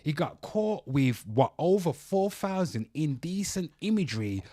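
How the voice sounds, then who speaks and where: Heated ranting man, high lively voice. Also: a little slow, no echo, clean studio sound. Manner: heated, swearing, repeatedly addressing "people". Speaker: reaction commentary host. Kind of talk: profane ranting commentary to viewers.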